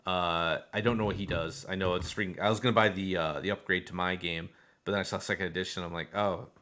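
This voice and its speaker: A man co-hosting a podcast, chatting casually about board games in a rambling, animated way and laughing often. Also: deep voice, fast. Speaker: podcast co-host. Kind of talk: casual board game chat.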